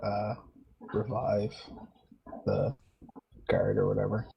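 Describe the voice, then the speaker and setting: A man playing a tabletop role-playing game, speaking in character and out of character in a hesitant, halting way. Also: fairly low pitch, little pitch movement, creaky, husky, highs cut off. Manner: hesitant, halting speech with many pauses. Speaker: player. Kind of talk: casual in-character table talk.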